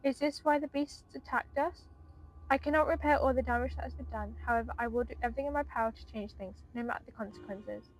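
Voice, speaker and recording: A woman's voice: fairly high pitch, fairly even intonation, quick pace, poor audio. A woman reading aloud the lines of an earnest, resolute young noblewoman in a game.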